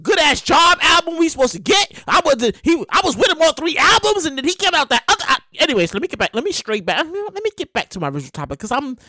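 A woman's voice: high-pitched, very animated, fast, hardly any pauses, sharp tone, dry recording, clean studio sound. A woman hosting a podcast, talking casually and animatedly, cursing freely and acting out scenes with big exaggerated outbursts. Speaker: podcast host. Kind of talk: casual commentary monologue.

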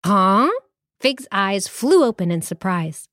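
A woman host reads a children's story aloud at a slow, easy pace, playful and unhurried. Her pitch sits in the middle of the range for women, and faint music plays underneath. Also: animated, no echo, studio quality.

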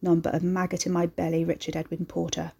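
A woman voicing a stuffed taxidermy creature with a deer skull, speaking low, quiet and accusing. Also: completely flat delivery, quick pace, creaky, slightly rough.

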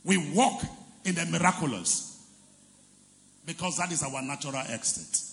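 A man preaching a sermon as pastor, leading the congregation in call-and-response and shouting and chanting his key phrases. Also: a little high, animated, normal speed, creaky, big-room sound, slight background noise. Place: large church hall.

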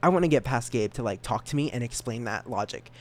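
A young man in his twenties talking alone on his podcast. He rambles and mocks himself, trips over and repeats his words, and keeps jumping into sudden loud, high bursts. His voice sits at an ordinary pitch for a man. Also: quick pace. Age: 20s. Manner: rambling, self-mocking, stumbles and repeats words; animated jumps in pitch and volume. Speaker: podcast host. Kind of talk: casual solo podcast rambling.

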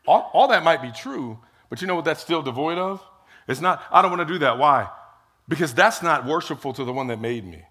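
A man preaching a sermon in an animated way, asking rhetorical questions, acting out quotes and often restarting his phrases. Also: on the high side, husky. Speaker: pastor.

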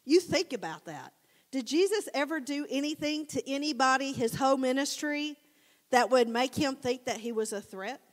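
A woman preacher giving a casual, animated sermon, telling the story conversationally and addressing the congregation as guys. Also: sits high, moderate pace. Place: church sanctuary. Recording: long church hall reverb.

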